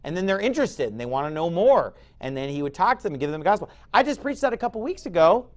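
A pastor in his forties preaching a sermon in an emphatic, conversational way, with sudden loud bursts. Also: high voice, sing-song, fast.

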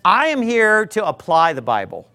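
A man's voice: sits high, wildly swooping pitch, normal speed, bright, forceful tone. A male pastor delivering an emphatic sermon, preaching hard and mocking his critics in mock voices. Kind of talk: fiery sermon.

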